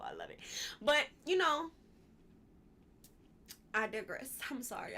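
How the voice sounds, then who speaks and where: A young woman hosts a casual live stream, talking through politics in a blunt, emotional way. She lets the curse words fly when she gets worked up, and her voice sits a little high. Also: fairly bright tone.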